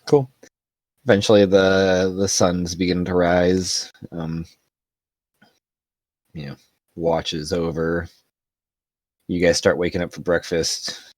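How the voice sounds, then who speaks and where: A man's voice: deep voice, level tone, takes it slowly, pauses often, dry recording. A man running a tabletop game as game master, narrating casually with loose, rambling descriptions and frequent laughs.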